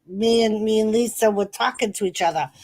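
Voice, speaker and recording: A woman's voice: medium pitch, a little fast, a little mellow. A middle-aged woman hosting a live watch-party stream, chatting casually, reading viewers' messages aloud and laughing often.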